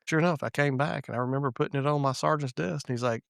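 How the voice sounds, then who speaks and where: A man's voice: medium pitch, very fast, gravelly, no echo, studio quality. Profane man telling police stories. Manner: profane, animated storyteller. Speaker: podcast guest, retired police sergeant. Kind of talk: casual storytelling chat.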